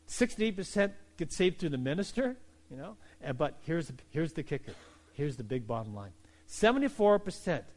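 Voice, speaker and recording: A middle-aged male pastor preaching a sermon, moving from calm teaching to loud, fervent exhortation. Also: a little high.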